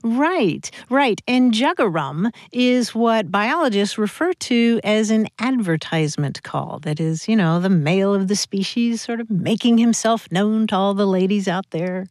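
A woman co-hosts a call-in show in a conversational manner. Her voice is close and dry, with a middle pitch. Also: lively intonation, measured pace, few pauses, darkish tone, dry recording. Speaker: radio show co-host. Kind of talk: radio talk. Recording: dry studio mic.

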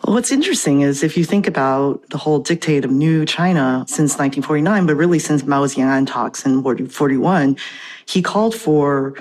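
A woman professor and translator, explaining things clearly in an interview over a remote connection. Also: low voice, lively intonation, a little fast, a little mellow. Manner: articulate, explanatory, reads poetry aloud. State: out of breath.

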